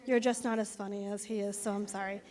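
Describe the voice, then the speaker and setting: A woman's voice: mid-range voice, flat delivery, fast, a little mellow, in a large hall. A woman, the bride's sister, giving a nervous wedding toast, laughing and stumbling over her words at a reception.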